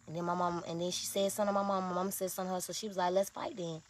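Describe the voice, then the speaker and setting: A woman's voice: lowish voice, little pitch movement, rapid-fire, a little hiss or hum. A young woman telling her viewers a story in a casual, blunt and profane way, with lots of emphasis.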